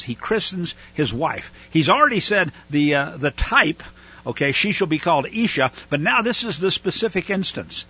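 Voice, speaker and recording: A man teaches scripture verse by verse, stopping often with fillers to unpack Hebrew words. His voice is on the high side, bright and a little husky. The recording sounds dull and lo-fi. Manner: explains Hebrew words, thinks aloud with fillers. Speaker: Bible teacher.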